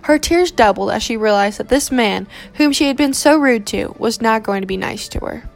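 A woman reading a romance novel aloud in steady, measured narration. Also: a little high, gravelly, faint music behind.

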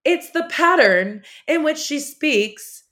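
A woman's voice: high voice, lively intonation, takes it slowly, sharp tone. A woman hosting a podcast, chatting casually and animatedly about reality TV gossip, laughing often. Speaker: podcast host. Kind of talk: casual chat.

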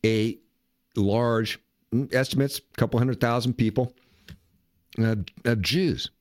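A man's voice: on the low side, a little mellow, dry recording, studio quality. An older man hosting a podcast, giving casual, rambling political commentary full of profanity. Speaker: podcast host.

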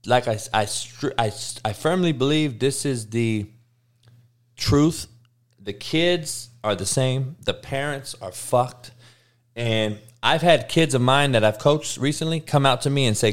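Animated profane man ranting. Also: mid-range voice, a little slow. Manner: animated, heavily profane, emphatic. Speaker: podcast host and coach. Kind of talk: casual comedic rant.

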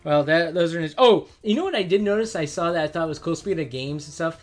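A man's voice: a little high, fast, faint music behind. A man hosting a casual gaming podcast, rambling with many fillers and restarts. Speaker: podcast host.

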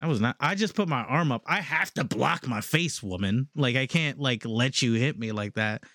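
A man's voice: mid-range voice, normal speed, dry recording, studio quality. A man in his thirties telling stories in a casual chat, with lots of "like" and "literally". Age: 30s. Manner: animated storytelling, often says "like" and "literally".

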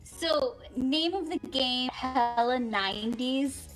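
A young woman co-hosting a radio show, chatting in a quick, breezy way. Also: sits high, a bit bright, soft background music, poor audio. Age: young adult. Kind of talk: casual radio banter.

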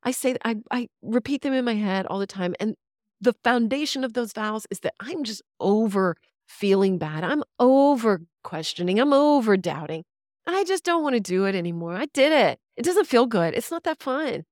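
A woman talking casually as a podcast guest, animated and candid, laughing often and swearing now and then. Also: on the high side, moderate pace, no room sound, studio quality.

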